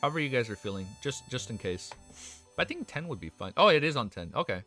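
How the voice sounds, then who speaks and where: A young man on a live stream, reading a novel aloud and often breaking off to react with excitement. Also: mid-range voice, quick pace. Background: faint background music.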